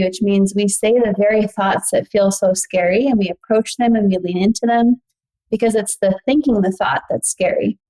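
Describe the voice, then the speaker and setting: A woman's voice: mid-range voice, a little mellow, poor audio. A woman guest, a psychologist, explaining in casual talk and often saying "like".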